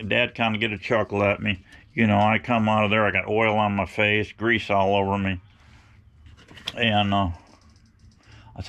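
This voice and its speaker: A man's voice: fairly low pitch, a bit bright. A middle-aged man telling rambling, folksy stories to his viewers, blunt and opinionated. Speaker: outdoor vlogger.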